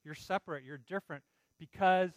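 Male pastor, earnest conversational sermon delivery, fairly high voice, dry recording. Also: brisk, no echo, low-quality recording. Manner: earnest, pleading, conversational preaching with frequent "right?" asides.

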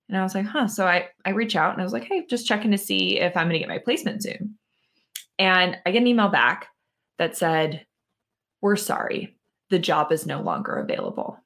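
A mental conditioning coach in her thirties appears as a podcast guest and tells a personal story with lively energy and many fillers. Her voice is mid-range.

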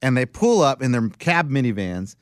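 A man's voice: mid-range voice, moderate pace, no echo, clean studio sound. A man telling a story in casual chat, acting out the other people's lines in voices. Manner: animated, acts out dialogue in voices.

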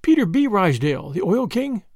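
A man doing a plucky young woman, brash fake American detective, slangy, higher voice, lively swings. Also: moderate pace, dry recording, studio quality. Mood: brash, boastful.

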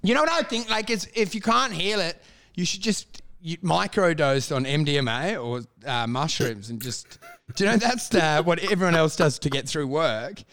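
A man with a high voice co-hosts a casual podcast. He jokes crudely and slips into silly voices as he tells his bits. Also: expressive, moderate pace, a bit bright. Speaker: podcast co-host. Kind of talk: casual comedic banter.

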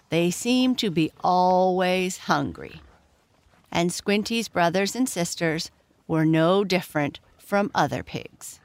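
A woman from Canada reads a children's story aloud at a slow, careful pace. Her voice sits a little low. She adds gentle asides that explain things to young listeners.

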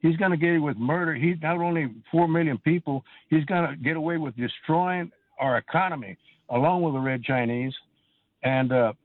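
An angry male caller comes through a thin, tinny phone line, with his fairly high voice sounding dry and close. He rants with indignation, halting on filler words between his outbursts. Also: dry recording. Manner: indignant, ranting with hesitant uh fillers. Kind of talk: angry call-in rant. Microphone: telephone.

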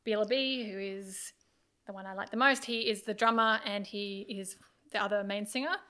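A woman's voice: medium pitch, fairly even intonation, moderate pace, pushed and bright. A woman, chatting enthusiastically as a podcast guest and telling a story with many fillers. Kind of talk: casual chat.

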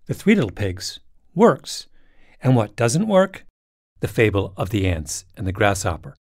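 A man's voice: on the low side, big pitch swings, unhurried, no echo, clean studio sound. Wry, dramatic male podcast narrator. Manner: dramatic, wry, with emphatic swings in delivery. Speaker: podcast host. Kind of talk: scripted storytelling narration.

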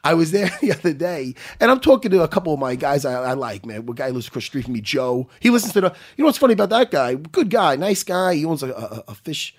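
A man's voice: fairly high pitch, very animated, fast, few pauses. A middle-aged man telling rambling, profane stories in casual chat, stammering and laughing as he goes. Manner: laughs through his stories. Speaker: podcast guest.

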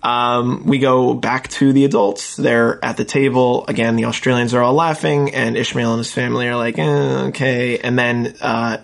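A man's voice: medium pitch, flat delivery, normal speed, vocal fry, hardly any pauses. A man casually recapping a TV episode with a co-host, rambling and acting out the characters' lines. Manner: rambling retelling with acted quotes, many fillers. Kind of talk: casual chat.

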